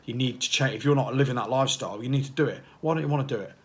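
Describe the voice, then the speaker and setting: A man's voice: mid-range voice, rapid-fire. Male fitness coach, casual vlog chat, fired up and waffly. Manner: passionate, rambling, fires off repeated questions. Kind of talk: casual motivational talk to camera.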